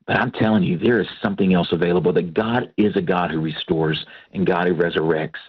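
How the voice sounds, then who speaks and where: A man, a pastor and Christian counselor, telling his testimony with earnest, animated storytelling. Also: deep voice, fairly quick, husky, narrow, tinny audio. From Texas. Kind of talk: testimony in a radio interview.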